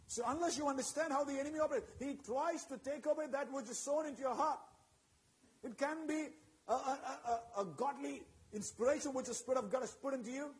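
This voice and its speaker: Brief: male preacher with a very high-pitched voice, emphatic and repetitive, keeps checking in with the congregation. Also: poor audio. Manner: preaching with call-and-response asides to the congregation. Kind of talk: sermon.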